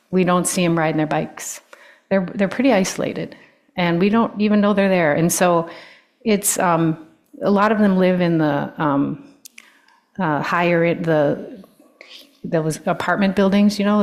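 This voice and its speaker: Woman, older, guest speaker, storytelling with ums and restarts, slightly low voice. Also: a little mellow. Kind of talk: personal talk to a congregation.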